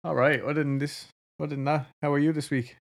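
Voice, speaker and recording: A man co-hosting a podcast in casual chat, laid-back and wry, quick to laugh. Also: a little high, fairly even intonation, gravelly. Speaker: podcast co-host.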